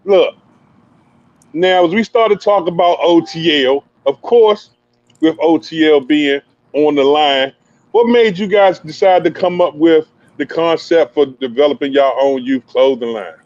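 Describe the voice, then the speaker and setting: A man's voice: a little high, measured pace, darkish tone, muffled recording. Hyped-up slangy male podcast host. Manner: hype, slangy, playful banter. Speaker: podcast host interviewing a youth player. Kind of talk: casual podcast interview.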